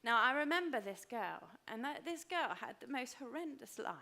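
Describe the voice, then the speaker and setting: A woman in her fifties preaching a sermon, emphatic and repeating phrases for weight, dropping to a hush for personal stories. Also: sits high, expressive, normal speed, creaky. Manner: drops to a hushed voice for personal stories. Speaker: pastor.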